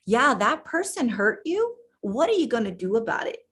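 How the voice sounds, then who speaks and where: A woman's voice: on the high side, very animated, moderate pace, a bit bright, husky. A middle-aged woman coach giving an emphatic motivational talk, repeating words and restarting her sentences. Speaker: life coach.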